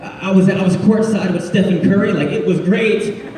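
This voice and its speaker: A man's voice: high voice, normal speed, a little mellow, a little hiss or hum, pitched above the performer's own voice, lightly acted. A man voicing a broke young prodigal son who whines about his ruined life, in a big echoey hall. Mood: bewildered. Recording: echoey hall, speaker far from mic.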